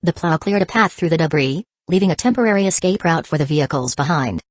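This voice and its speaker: A woman reads an action novel aloud in a low, steady voice. The sound is dry and close, with no room around it. Her delivery stays even and measured. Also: no room sound. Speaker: audiobook narrator. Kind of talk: scripted audiobook narration.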